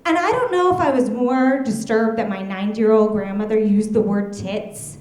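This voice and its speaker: A woman's voice: on the high side, moderate pace, darkish tone, roomy sound, slight background noise. A woman in her thirties performing a stand-up set, telling chatty stories and giggling at her own jokes on a comedy club stage.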